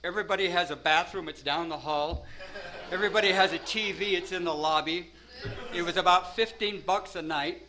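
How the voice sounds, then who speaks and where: A man's voice: high voice, a little fast, pushed and bright, poor audio. A man telling a rambling first-person story, peppering it with "you know" and "man" and laughing at himself.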